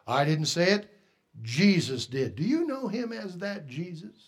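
A man preaching a sermon, emphatic, asking the congregation rhetorical questions and swinging between hushed and loud delivery. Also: sits high, sing-song, unhurried, breathy edge.

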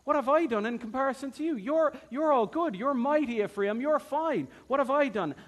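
Casting: man playing a biblical leader, high-pitched, flattering and quick. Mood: placating.

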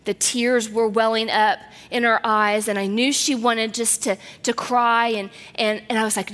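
A woman's voice: a little high, flat delivery, a little slow, few pauses, fairly bright tone, big-room sound. A woman giving a sermon, telling a personal story in an earnest way and dropping to near-whispers at tender moments.

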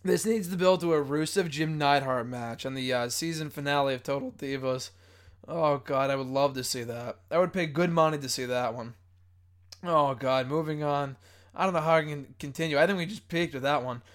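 A man hosting a casual podcast chat, excitable and often breaking into laughter. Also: fairly high pitch, moderate pace. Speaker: podcast host.

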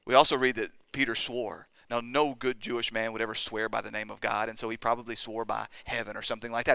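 A man preaches, his voice bright, forceful and smooth. He talks in an earnest way, acting out quotes and building to emphatic peaks. The sound is close and dry, with no room around it. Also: medium pitch, fast, few pauses, dry recording. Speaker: pastor. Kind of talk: sermon.

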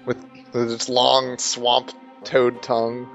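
A man playing a tabletop role-playing game, explaining his turn in a deliberate, amused way. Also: medium pitch, monotone, fairly bright tone, dull audio, soft background music. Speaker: player. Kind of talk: tabletop role-play chat.

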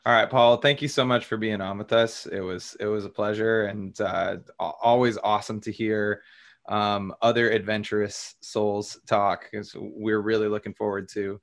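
A man's voice: lowish voice, steady tone, normal speed. A man co-hosting a podcast, talking in an easygoing, casual way and wrapping up with friendly sign-offs. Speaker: podcast co-host. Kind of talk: casual podcast talk and outro.

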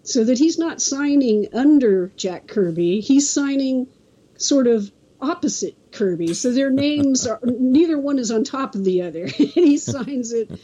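A woman from California's Central Coast, a guest telling a story in a casual, halting way, often restarting and acting out the quotes. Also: high-pitched, lively intonation, mellow, highs cut off. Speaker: interview guest.

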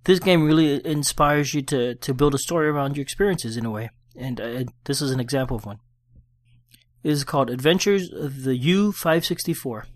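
A man hosting a solo gaming podcast, chatting casually and then reading a war story aloud in his own plain voice. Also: mid-range voice. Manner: conversational, quick restarts, reads report plainly without accents. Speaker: podcast host. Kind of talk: casual podcast talk and read-aloud session report.

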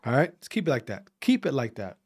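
A man's voice: mid-range voice, very animated, fast talker. A man ranting casually to his audience, profane and repetitive, often restarting and repeating his phrases, from Wisconsin. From Wisconsin, USA. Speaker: vlogger. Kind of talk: casual rant to camera.

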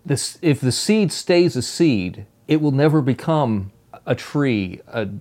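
A man hosting a casual conversation, speaking in a calm, reflective way. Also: medium pitch, slow pace.

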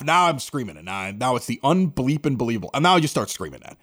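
A man hosting a podcast, telling stories in an excitable, animated way and acting out both sides of conversations. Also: mid-range voice, very fast, few pauses. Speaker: podcast host. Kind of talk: casual storytelling chat.

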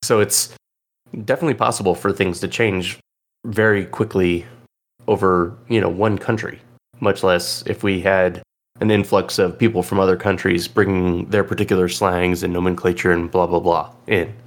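A man's voice: low-pitched, fairly even intonation, moderate pace. A man from Illinois hosting a podcast, chatting casually and rambling with lots of fillers. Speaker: podcast host. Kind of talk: casual chat.

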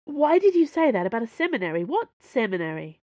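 A woman voicing a gruff, chilly, forceful woman in a read-aloud story. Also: fairly high pitch, sing-song, quick pace, no echo, pitched above the performer's own voice. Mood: urgent.

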